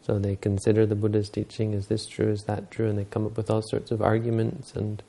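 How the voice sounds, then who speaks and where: A man's voice: on the low side, completely flat delivery, brisk, gravelly, mellow. A man giving a Buddhist dharma talk, telling stories and explaining teachings unhurriedly, using Pali terms.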